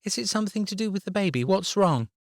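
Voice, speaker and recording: A man's voice: animated, fast talker, no echo, studio quality. A man voicing an anxious young schoolgirl. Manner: high, breathless questions.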